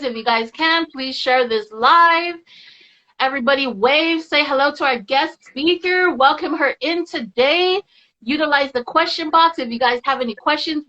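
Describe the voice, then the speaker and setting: A woman's voice: high voice, pushed and bright, highs cut off. A woman hosting a live podcast, talking in an upbeat, chatty way and often repeating herself. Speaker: podcast host. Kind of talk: casual live-stream chat.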